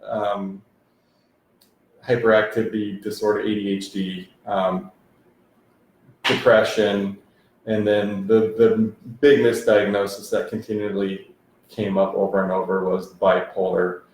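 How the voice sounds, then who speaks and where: A laid-back man shares his experience as a guest, speaking loosely and restarting his sentences. His voice is on the low side. It is heard in a very echoey room with a faint hum of noise behind. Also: flat delivery, measured pace, darkish tone. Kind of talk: conversational testimony.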